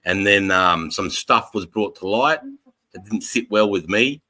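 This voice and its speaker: A man's voice: on the low side, measured pace, bright, forceful tone, poor audio. A man casually hosting a livestream, telling stories bluntly with plenty of swearing. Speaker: livestream host.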